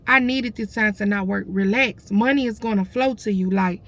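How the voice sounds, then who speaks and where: A woman's voice: mid-range voice, moderate pace. A woman, close to tears, telling her viewers a story in a casual, emotional vlog. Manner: tearful, addresses viewers as y'all. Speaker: vlogger.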